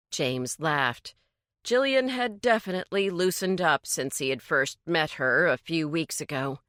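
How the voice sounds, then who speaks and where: A woman narrating an audiobook in a measured, even way. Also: low voice, no echo, studio quality. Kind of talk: scripted narration.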